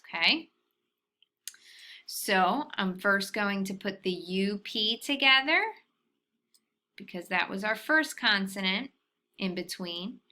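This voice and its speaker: A woman teacher walking young children through a phonics lesson, patient and deliberate, checking in often with a soft "okay?". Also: medium pitch.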